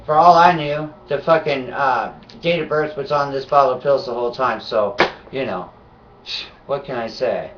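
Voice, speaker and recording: A sick, nauseated man in an angry, profane vlog rant, swinging from low muttering to shouting. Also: normal speed, far from the mic, dull audio, noisy background. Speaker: vlogger.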